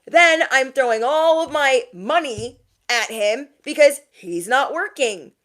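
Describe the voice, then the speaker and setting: A woman tarot reader giving a casual message to her viewers, chatty and animated, often laughing and repeating lines for emphasis. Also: high-pitched, slow. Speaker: tarot reader and motivational YouTuber.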